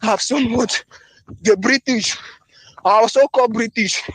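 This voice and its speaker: A man's voice: very high voice, moderate pace, fairly bright tone, breathy edge, no echo. A man from northern Nigeria, making a fervent, pleading appeal in a phone voice recording, hammering the same phrases again and again. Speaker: voice-note caller. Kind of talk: impassioned voice-note appeal.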